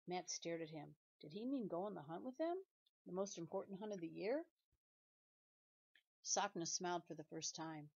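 A woman teacher reading a children's novel aloud in a steady, measured and clear way. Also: lowish voice. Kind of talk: audiobook narration for children. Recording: dull lo-fi recording.

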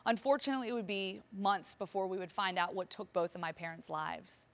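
A woman's voice: medium pitch, fairly even intonation, fairly quick, fairly bright tone. A woman in her thirties, a motivational speaker, telling a personal story on stage with vivid, emotional delivery and acted-out dialogue. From Virginia, US.

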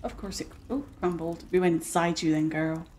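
A young British woman with a British accent giving excitable, gushing, chatty commentary while playing a video game. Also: fairly low pitch, moderate pace, a little hiss or hum. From Britain. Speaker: gaming streamer. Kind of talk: casual gameplay commentary.

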